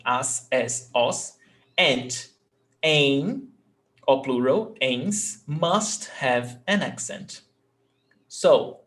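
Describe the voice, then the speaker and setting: A man's voice: medium pitch, fairly bright tone. A man teaching a live language lesson in English, patiently repeating each word for his learners. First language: Portuguese. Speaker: Portuguese teacher.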